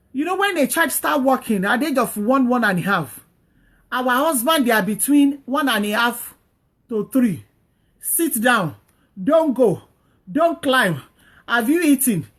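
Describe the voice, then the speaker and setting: Woman host, higher voice, earnest and preachy, repeats her points. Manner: earnest, repetitive, exhorting. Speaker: host giving marriage advice. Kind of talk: preachy advice talk.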